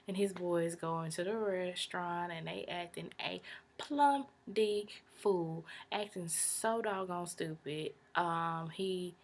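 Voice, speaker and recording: Lady doing a casual episode recap, lowish voice, slangy, whispers little asides, brushes stuff off with blah blah. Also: slow. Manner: dismissive "blah, blah" paraphrasing. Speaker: TV episode reviewer.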